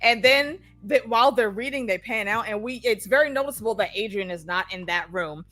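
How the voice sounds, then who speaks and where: A woman co-hosting a casual podcast chat about a TV episode, animated, swearing freely and acting out characters. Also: medium pitch, fairly quick. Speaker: podcast co-host.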